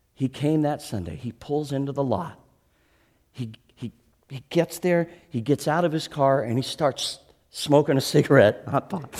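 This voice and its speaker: A pastor preaching a sermon and telling a story in an animated way, swinging from loud to hushed. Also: male voice, medium pitch, husky.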